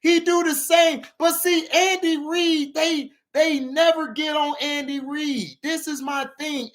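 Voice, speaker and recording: A man with a very high-pitched voice hosts a casual sports vlog, ranting animatedly about football, laughing often and shouting for emphasis.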